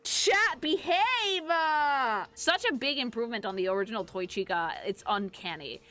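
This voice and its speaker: A woman streamer gushing excitedly and profanely while reacting to an animation for her chat. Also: mid-range voice, normal speed.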